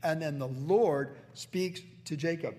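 A man's voice: on the high side, slow pace, dark tone, long reverb tail. A man preaching a sermon as a pastor, earnest, now and then quoting scripture figures in character. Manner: earnest preaching, slips into acted quotes of biblical figures.

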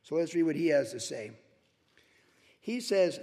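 An older male pastor with a fairly high voice preaches verse by verse in a church auditorium, his voice trailing off into a long echo from the hall. His delivery is animated and chatty, and he mimics other voices for his asides. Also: unhurried, vocal fry, pauses often. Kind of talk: verse-by-verse sermon. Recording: echoey hall reverb.

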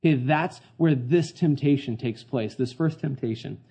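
A man's voice: medium pitch, moderate pace, warm tone, husky, muffled recording. A man preaching a casual sermon in a conversational, slangy way, often asking the congregation questions. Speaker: pastor.

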